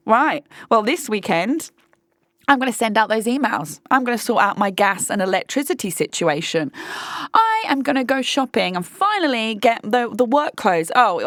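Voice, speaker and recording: A woman's voice: mid-range voice, no echo, clean studio sound. A woman hosting a casual monologue podcast, blunt and sweary, talking straight to her listeners. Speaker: podcast host.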